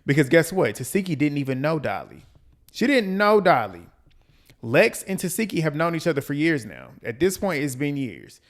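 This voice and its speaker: A man hosting a reality TV recap, ranting in a blunt, profane, animated way and repeating lines for emphasis. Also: on the high side, moderate pace. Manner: quotes people in mimicking voices. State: out of breath. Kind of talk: casual commentary recap.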